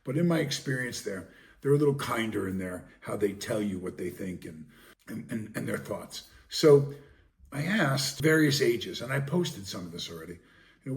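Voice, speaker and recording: A man's voice: on the low side, expressive, normal speed, gravelly, distant mic. A man talking casually as a podcast host, rambling with many ums and restarts. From Long Island, New York.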